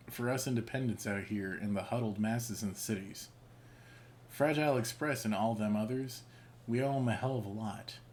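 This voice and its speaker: A man voicing a gruff, folksy old rural elder with a Southern accent, read aloud from in-game messages. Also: mid-range voice, a little mellow, slight background noise, lightly acted. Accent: American Southern.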